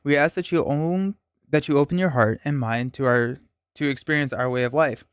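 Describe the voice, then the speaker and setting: A man's voice: fairly high pitch, moderate pace, clear, resonant tone, dry recording, lightly acted. Man reading a stately older village matron, formal welcome, dry close mic. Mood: solemn welcome. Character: imposing gray-haired matron, stately and welcoming.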